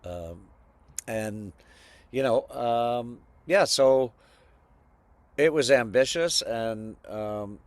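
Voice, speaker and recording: A man's voice: medium pitch, very slow, long pauses, dry recording. A man being interviewed as a guest musician, telling stories in a reflective, meandering way over a video call. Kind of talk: casual interview conversation.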